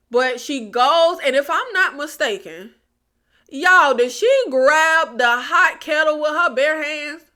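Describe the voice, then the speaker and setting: Animated, bright-voiced woman recapping a show. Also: high-pitched, takes it slowly. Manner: animated, exasperated, addresses viewers as "y'all". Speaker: TV recap vlogger. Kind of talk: casual review vlog.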